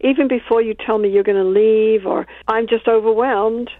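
A woman, a couples therapist, calmly explaining her work in an interview and acting out examples from her sessions. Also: a little high, normal speed, dry recording. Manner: calm, explains with acted-out examples. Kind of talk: interview conversation. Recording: tinny phone-like dry sound.

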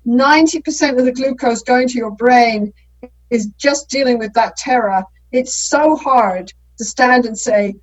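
Middle-aged woman therapist type, higher voice, dull muffled sound, talks it through with lots of "right?". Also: a little slow. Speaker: couples therapist. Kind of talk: conversational explaining.

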